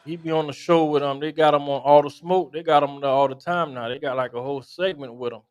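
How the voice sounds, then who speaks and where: A man's voice: fairly high pitch, fairly even intonation, quick pace, clear, resonant tone. Laid-back man, cussing banter. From South Florida. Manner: loose, profane, laughing banter. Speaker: co-host. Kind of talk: casual chat.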